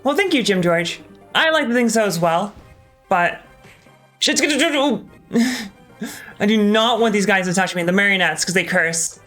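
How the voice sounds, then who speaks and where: A man's voice: sits high, normal speed, fairly bright tone, soft background music. A man doing live gameplay commentary as a streamer, talking casually and candidly, swearing often and hesitating with many ums. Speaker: game streamer.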